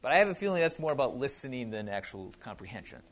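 A man's voice: medium pitch, big pitch swings, quick pace. Man, Wisconsin accent, pastor, casual sermon, joking asides, restarts a lot.

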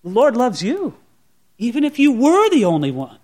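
A man with a notably high voice delivers a sermon from a church sanctuary. He preaches conversationally and earnestly, asking the room rhetorical questions. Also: wildly swooping pitch, moderate pace, darkish tone. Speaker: pastor.

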